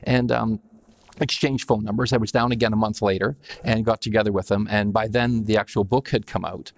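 A man's voice: fairly low pitch, fairly even intonation, brisk. A man, a company founder, telling a story as an interview guest, with lots of fillers and restarts. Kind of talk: casual anecdote.

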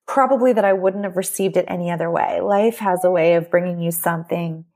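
A woman's voice: fairly low pitch, a little fast, a little mellow. A middle-aged woman, a podcast guest, telling a personal story in an earnest, heartfelt way with many restarts. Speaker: podcast guest, memoir author.

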